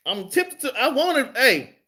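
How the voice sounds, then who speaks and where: A man's voice: extremely high pitch, sing-song, unhurried, pushed and bright. A man teaching a casual Bible class over his phone, slangy and streetwise, swearing freely and calling listeners y'all and man. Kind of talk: casual live-streamed Bible study.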